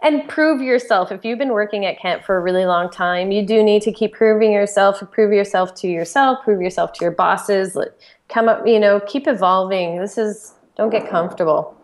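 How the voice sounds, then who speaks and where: A woman's voice: mid-range voice, moderate pace. A woman co-hosting a podcast, chatty and enthusiastic, with lots of filler words as she recaps. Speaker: podcast co-host. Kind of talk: casual podcast chat.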